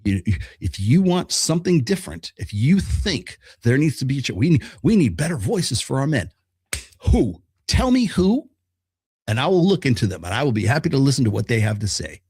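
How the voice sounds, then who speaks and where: A man's voice: mid-range voice, sing-song, brisk, a little mellow, slightly rough, no room sound, clean studio sound. A middle-aged man hosting a podcast, delivering a blunt, profane monologue full of rhetorical questions and restarts. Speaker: podcast host.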